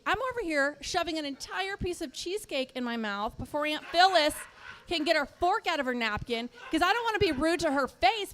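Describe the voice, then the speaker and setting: A woman's voice: high voice, fairly bright tone. A woman from Texas doing a stand-up comedy set in a comedy club, telling stories and acting out quoted voices on a handheld stage mic. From born in Texas, raised Midwest and Washington. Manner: storytelling, acts out quoted voices.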